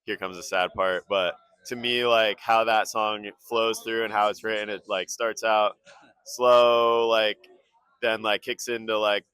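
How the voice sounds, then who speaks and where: Young male band member, low bright voice, rambling casual answers. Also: little pitch movement, unhurried, clean tone, dry recording. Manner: rambling, heavy use of "like". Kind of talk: casual interview chat.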